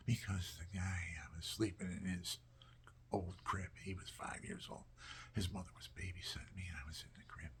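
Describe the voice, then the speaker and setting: A man telling personal stories in a casual, animated way, often dropping to a near whisper. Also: low voice, slight background noise. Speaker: storyteller.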